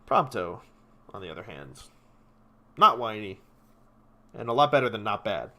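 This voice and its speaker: Talking at a normal speed in a lowish, very animated voice, a male streamer rambles casually over his gameplay. He sounds bright and forward, cursing freely while raving about the game.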